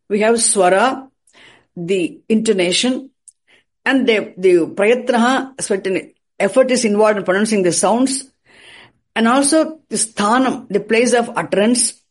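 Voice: medium pitch, measured pace. A teacher giving a classroom lecture, repeating and restarting phrases and posing rhetorical questions before answering them.

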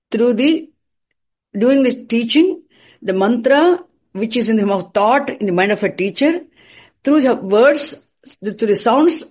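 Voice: medium pitch, darkish tone, breathy edge. A teacher giving a classroom lecture, repeating and restarting phrases and posing rhetorical questions before answering them.

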